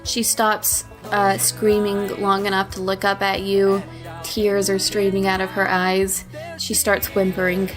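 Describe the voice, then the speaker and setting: Woman game master, casual narration of a tabletop game, mid-pitched voice, faint music underneath. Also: measured pace. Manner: relaxed narration with fillers and laughs.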